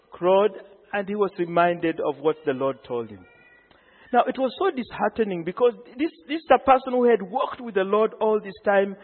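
A man preaching a sermon, telling the story with animated energy and acting out the quoted lines. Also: high voice. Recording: phone-like sound in a long-reverb hall.

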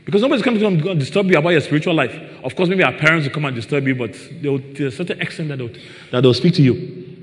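In a church hall, a man preaches to his congregation, reading scripture and driving his points home with "Praise the Lord" and questions to the listeners. His fairly high, expressive voice comes very fast, with the long reverb of the hall around it.

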